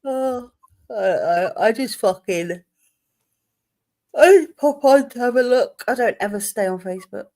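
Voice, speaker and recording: A woman's voice: fairly high pitch, a little slow, a little mellow. A woman in casual chat, blunt and teasing, swearing freely.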